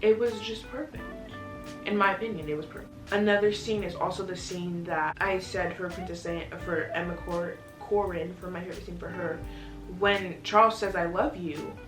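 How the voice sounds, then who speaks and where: A woman's voice: lowish voice, fairly even intonation, moderate pace. Chatty young woman in an echoey room. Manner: gushing, chatty, restarts often. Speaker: vlogger reviewing a TV series. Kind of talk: casual chat. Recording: echoey room from a distance, music behind.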